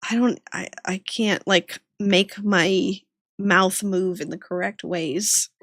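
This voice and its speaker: A woman livestreams while drawing, chatting casually with viewers, giggling often and greeting people by name. Her voice is medium-pitched, slow and a bit bright, with fairly even intonation, in a dry, studio-quality recording.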